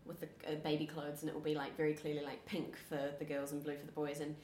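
A young New Zealand woman with a low voice rattles along quickly in casual chat, full of likes and restarts. The room around her rings with echo. Soft ambience lingers behind. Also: little pitch movement, a little hiss or hum. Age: young adult. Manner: quick, rambling, many fillers. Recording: echoey room.

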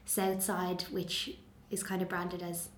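A woman's voice: lowish voice, completely flat delivery, slow pace, a little hiss or hum. A woman from Dublin with a neutral Dublin Irish accent, reading a passage and then chatting easily with frequent ums. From Dublin, Ireland. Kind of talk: reading a passage, then casual talk about her accent. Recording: echoey room.

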